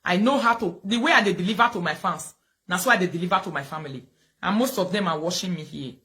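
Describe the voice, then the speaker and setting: A woman's voice: on the low side, fast, a bit bright. An outspoken, talkative woman with a Nigerian accent, hosting a casual live video and mixing in pidgin. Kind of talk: casual live-stream talk.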